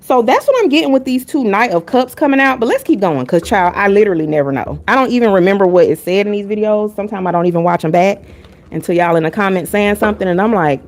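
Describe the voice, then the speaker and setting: A woman's voice: mid-range voice, lively intonation, fast talker. A woman reading tarot on a live stream, talking casually and bluntly. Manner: candid and blunt, chatting with chat between readings.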